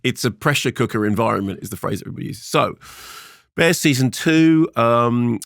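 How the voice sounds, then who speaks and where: A man with a gravelly, mid-pitched voice reviews a TV series on a chat show. He talks in quick asides and laughs easily. The recording is close and dry. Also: animated, no echo. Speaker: film critic co-host. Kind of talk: bantering podcast chat and review.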